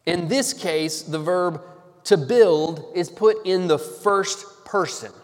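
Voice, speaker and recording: A man with a slightly higher voice delivers a sermon at an unhurried pace, leaning hard on key words. His voice rings with the long reverb of a church sanctuary. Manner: slow, deliberate teaching with emphatic stresses. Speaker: preacher. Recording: long reverb of a large hall.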